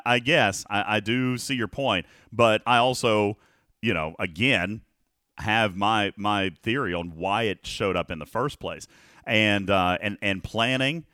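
A man's voice: on the low side, pushed and bright, no room sound. Emphatic male podcast host in a dry studio. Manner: emphatic, reads viewer comments aloud, rhetorical "okay?" check-ins. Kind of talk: casual gaming podcast chat.

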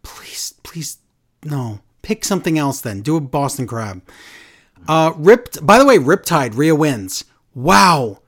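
A woman co-hosting a casual wrestling recap podcast, animated and incredulous. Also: sits low. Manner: animated, incredulous, does quick impressions. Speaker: podcast co-host.

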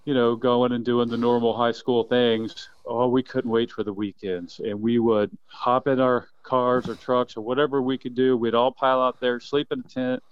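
A man in his fifties, a quail biologist, telling animated stories in a casual interview with plenty of laughs. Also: mid-range voice, normal speed, hardly any pauses, smooth, dry recording, dull audio. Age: 50s. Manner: enthusiastic, animated storyteller who laughs often.

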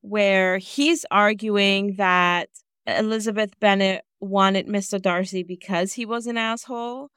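A woman in her thirties, sarcastic and animated, recaps a film on a casual podcast and acts out the characters as she goes. Her voice is smooth and clear, recorded close and dry. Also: mid-range voice, unhurried, no room sound. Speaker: podcast co-host.

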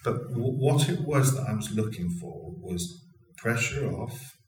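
A man's voice: fairly low pitch, a little slow, slight background noise. A man, an educational consultant and storyteller, talking expressively and earnestly as an interview guest. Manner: expressive, earnest, with frequent restarts. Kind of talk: conversational interview. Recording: roomy, distant mic with faint ambience.

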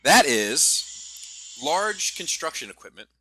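A man in his thirties co-hosting a podcast, telling a family story with animated delivery, cursing and restarting phrases. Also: fairly high pitch, slow, breathy edge. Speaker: podcast co-host. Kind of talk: casual podcast chat.

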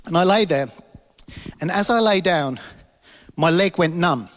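A man preaches in a church hall, his fairly high voice carrying a long reverb tail. He tells a personal story with lively energy, acting out the voices and laughing at himself as he goes. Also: unhurried. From London. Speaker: pastor.

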